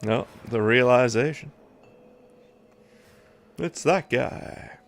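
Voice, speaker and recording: A man's voice: medium pitch, extremely slow, gravelly. A tired young British man streaming a game, chatting bluntly with his viewers. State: tired, yawning. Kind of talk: casual live-stream chat over gameplay.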